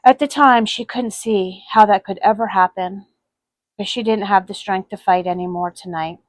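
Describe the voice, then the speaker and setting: A woman author reads her own sad story in a soft, earnest voice of ordinary pitch. The recording is dry and close, with no room around it. Her delivery stays gentle and sincere throughout. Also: fairly even intonation, moderate pace, no room sound, poor audio. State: voice cracking with emotion. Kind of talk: emotional story reading.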